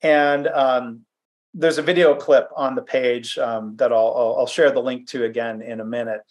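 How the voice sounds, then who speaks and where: A man's voice: medium pitch, steady tone, moderate pace. Brief: man presenting a webinar from his home office, easygoing and self-deprecating, mid-range voice. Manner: conversational, self-deprecating, with fillers and restarts. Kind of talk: presentation with anecdotes.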